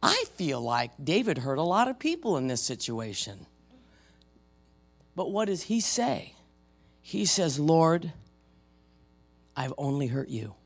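Older male preacher, gravelly voice, talks plainly, then swells loud for scripture. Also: mid-range voice, huge pitch swings, a little slow, pauses often. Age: 50s or older. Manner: conversational preaching, dramatic readings of scripture, swings between loud and soft. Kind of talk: sermon.

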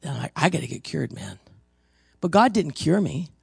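A man teaches in a conversational, storytelling way, pressing hard on his key points and stumbling into restarts as he goes. His voice has a gravelly texture. The recording is close and dry. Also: on the high side, sing-song, moderate pace, no room sound, soft background music. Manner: emphatic, storytelling, frequent restarts. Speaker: preacher.

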